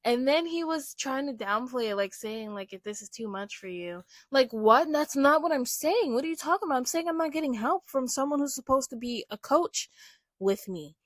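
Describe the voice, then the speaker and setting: A young adult woman casually telling stories in an animated, emphatic way, with lots of "like". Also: high-pitched, moderate pace, dry recording, studio quality. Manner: animated, emphatic, heavy use of "like". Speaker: vlogger. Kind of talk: casual storytelling.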